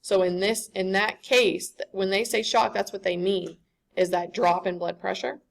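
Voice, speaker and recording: A woman's voice: mid-range voice, level tone, moderate pace, gravelly. A woman giving a classroom lecture, conversational and often checking in with the students.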